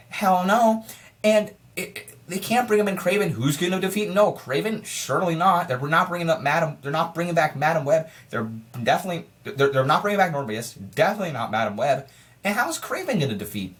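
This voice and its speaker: Frustrated and rhetorical, this excitable vlogger reviews a film casually, firing question after question at himself. His middle-pitched sentences keep breaking off and starting again with stammered repetitions.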